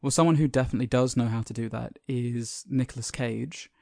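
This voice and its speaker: A podcast co-host with a mellow, darker tone chats easily about a film and adds short, supportive replies. The sound is close and dry, with no room echo. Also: medium pitch, fairly quick, vocal fry. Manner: relaxed, supportive listener, short backchannels. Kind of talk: casual film discussion.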